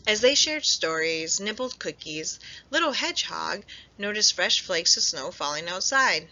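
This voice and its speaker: A woman librarian reading a storybook aloud at story time, expressive and lively. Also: lowish voice, moderate pace. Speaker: children's librarian. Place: public library. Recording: dull lo-fi recording.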